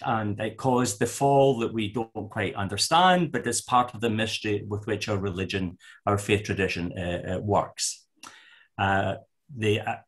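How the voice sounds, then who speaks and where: Older scottish guy lecturing a parish group, keen and a bit halting, lots of ums. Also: lowish voice. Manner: enthusiastic, halting with fillers and restarts. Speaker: guest speaker on ethics.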